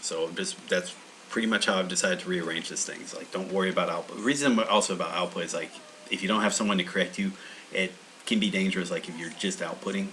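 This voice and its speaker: A man's voice: low-pitched, fairly even intonation, quick pace, pushed and bright, a little hiss or hum, poor audio. A man hosting a language-learning channel, talking in a meandering, casual monologue full of restarts.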